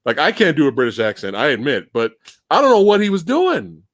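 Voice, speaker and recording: Animated man hosting a movie chat. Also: a little high, a little fast, dry recording. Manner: animated, laughs often, rambling asides. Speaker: host. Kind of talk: casual livestream film chat.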